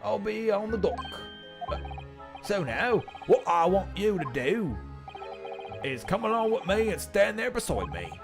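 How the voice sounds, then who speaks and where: A grandiose, chummy fellow in the dock, flinging money about in a deliberately rough Irish-style brogue, as a man puts him on. The voice sits fairly high and swings widely in pitch, with game music playing clearly behind. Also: very animated, heavily acted. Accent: put-on Irish-style brogue, admittedly bad. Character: boastful man in the dock, showering strangers with money.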